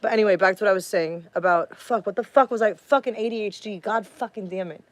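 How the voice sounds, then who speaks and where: A woman from the United States rants casually on a livestream, rambling, swearing, and losing her train of thought. Her medium-pitched voice moves quickly, and the recording is dry.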